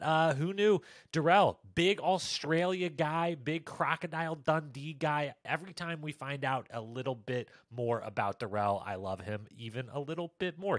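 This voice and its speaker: Animated man recapping reality TV. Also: no echo, clean studio sound. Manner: animated, jumps pitch for quoted lines. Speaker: recap podcast host. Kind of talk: casual commentary.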